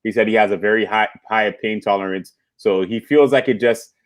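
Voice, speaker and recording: A man's voice: on the low side, a little fast. A man co-hosting a casual fight recap podcast, enthusiastically breaking down fights in detail. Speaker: podcast co-host.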